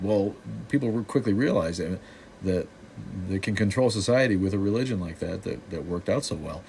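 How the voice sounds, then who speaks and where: A man's voice: sits low, animated, normal speed, vocal fry, a little mellow, slight background noise. A man hosting a livestream, talking casually while answering chat, rambling and sardonic with many restarts. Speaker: show host.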